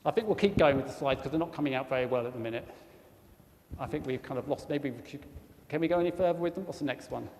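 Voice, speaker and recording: A man's voice: medium pitch, fast talker, a little mellow. A man with a South East English accent giving an informal talk to a church congregation as a guest speaker, chatty and forever asking the room tag questions. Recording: long church reverb, faint noise.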